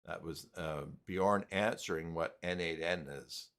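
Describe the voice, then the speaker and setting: A man's voice: low-pitched, unhurried, fairly bright tone, clear, resonant tone. A man hosting a casual live stream, rambling and reading chat messages aloud.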